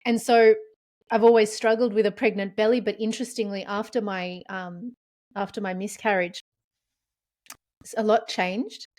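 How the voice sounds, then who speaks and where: A woman's voice: medium pitch, moderate pace. A woman hosting a podcast, telling personal stories in casual conversation, open and emotional. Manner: open, emotional, animated storytelling. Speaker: podcast host.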